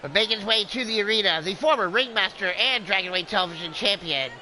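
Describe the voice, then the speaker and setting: A man's voice: sits high, fast talker, sharp tone, slight background noise, poor audio. A man calling a wrestling game as a rambling, jokey streamer who plays a drunken clown persona. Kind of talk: excitable play-by-play game commentary.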